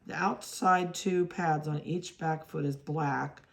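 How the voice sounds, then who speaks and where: A woman's voice: deep voice, steady tone, slow pace, gravelly. A woman dog breeder giving a chatty running commentary while handling puppies, talking to them and laughing at her own mix-ups. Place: indoors at a kennel.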